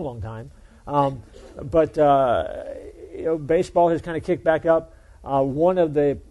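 A male pastor preaching in a relaxed, folksy way, chatting and joking with the congregation. His voice is warm and mellow and sits a little high for a man. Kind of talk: sermon.

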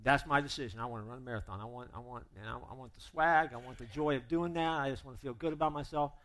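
A man's voice: mid-range voice, fast talker. A man preaching a sermon as pastor, humorous and emphatic, acting out both sides of imagined conversations. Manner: animated and emphatic.

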